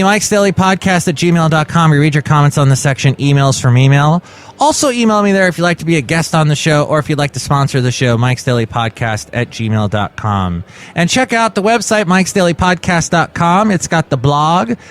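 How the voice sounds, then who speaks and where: A man hosting a podcast, riffing on the news in a jokey way with big swings in pitch. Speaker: podcast host. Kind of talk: comic news commentary.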